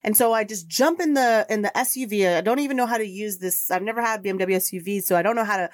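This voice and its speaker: A woman's voice: medium pitch, fast talker, no echo, clean studio sound. A middle-aged woman hosting a podcast, telling a personal story in an earnest, rambling, emotional way. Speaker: podcast host.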